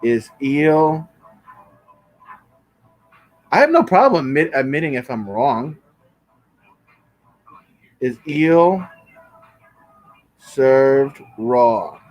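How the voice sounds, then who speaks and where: A man's voice: medium pitch, big pitch swings, very slow, pauses often, highs cut off. A man livestreaming from his bedroom, casually arguing with viewers in chat and swearing often. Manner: profane, bickering with chat. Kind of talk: casual live stream chat reading comments.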